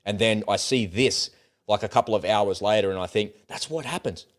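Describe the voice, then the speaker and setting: A man's voice: on the low side, steady tone, brisk. An Australian man hosting a political commentary livestream, talking bluntly in casual, ranting speech and swearing freely.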